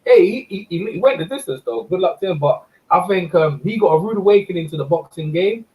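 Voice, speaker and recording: A man hosting a casual chat, telling animated stories, laughing often and repeating words. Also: sits high, a little fast, rough recording. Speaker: host and amateur boxing judge.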